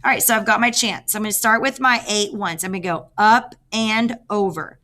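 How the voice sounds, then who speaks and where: A woman's voice: medium pitch, moderate pace, bright, forceful tone. A woman teacher explaining a math lesson step by step, counting aloud as she works.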